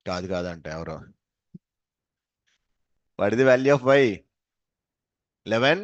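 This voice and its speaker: A man's voice: fairly low pitch, expressive, quick pace, no echo, dull audio. A man with a Telugu accent giving a live programming lecture, quizzing his students, repeating answers and mixing English with Telugu. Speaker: programming teacher.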